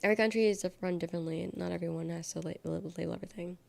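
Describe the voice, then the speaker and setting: A woman's voice: on the low side, fairly even intonation, rapid-fire, vocal fry. A young adult woman live-streaming in a casual chat, reading her chat aloud and reacting bluntly, swearing freely. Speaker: livestreamer.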